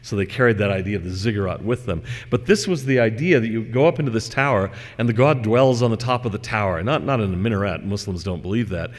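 A man giving a scripture lecture in a scholarly, digressive way with gentle humor. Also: on the low side, fast, hardly any pauses, long reverb tail.

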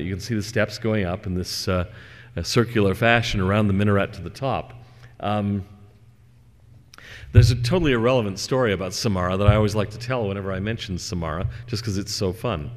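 A man with a fairly low voice lectures in a relaxed, conversational way and slows down to read scripture verses. His voice echoes with the long reverb of a large hall.

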